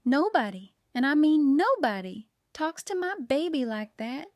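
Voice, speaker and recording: A woman's voice: high voice, very animated, measured pace, no echo, clean studio sound, voice pushed up. A woman voicing a fiery, protective older woman baker in an audiobook, who talks in a folksy, bossy, scolding way. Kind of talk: audiobook character reading.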